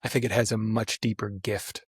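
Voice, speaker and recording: A man hosting a podcast interview, speaking in a hesitant, reflective, halting way. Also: lowish voice, level tone, breathy edge, no room sound, clean studio sound. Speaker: podcast host.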